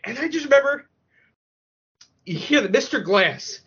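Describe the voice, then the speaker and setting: A man chatting on a podcast, an emotional, excitable storyteller who talks with many fillers. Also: very high-pitched, normal speed, husky. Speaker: podcast guest. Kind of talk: casual podcast chat. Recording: dull lo-fi audio.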